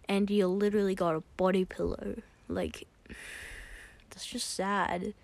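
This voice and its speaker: Slow-talking woman rambling with "like". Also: mid-range voice, flat delivery, creaky, a little mellow. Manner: rambling, heavy use of "like". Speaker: solo episode host. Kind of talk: casual opinion chat.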